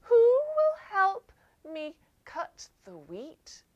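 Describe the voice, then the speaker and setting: A woman's voice: very high-pitched, huge pitch swings, very slow, no echo, lo-fi sound, pitched above the performer's own voice, exaggerated voice. A woman voicing a busy, hardworking little hen in a storybook tale for children. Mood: asking.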